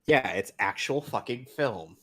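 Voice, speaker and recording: A blunt man in casual movie-review chat. His voice sits at a middling pitch, and he swears freely while talking things over. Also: lively intonation, measured pace, fairly bright tone. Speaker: podcast co-host.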